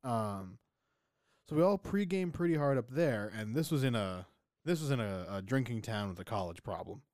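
Man, animated pitch, halting storytelling, teasing, dry recording. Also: dry recording. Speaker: podcast co-host. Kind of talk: casual storytelling.

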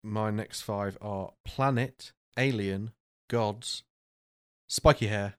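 A man's voice: lowish voice, takes it slowly, smooth, dry recording, clean studio sound. A man co-hosting a casual podcast, rambling through stories and acting out quotes. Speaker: podcast co-host. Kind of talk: casual chat.

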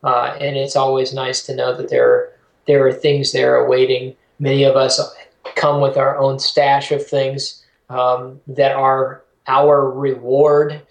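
Gravelly man in a roomy space. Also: medium pitch. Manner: reflective, advice-giving. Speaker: podcast co-host, ultrarunner. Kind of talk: casual conversation. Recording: roomy echo.

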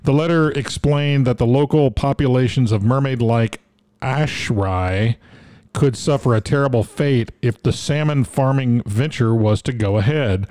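A man's voice: mid-range voice, unhurried, a little mellow, no room sound. A man co-hosting a casual comedy talk show, reading odd news stories aloud and joking about them. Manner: joking, reads headlines aloud, stumbles over odd names.

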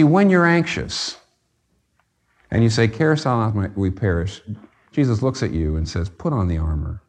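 A man's voice: on the low side, a little mellow. A man preaching a sermon, earnest and conversational, rising to fervent emphasis on key points. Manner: conversational with fillers and restarts. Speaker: pastor.

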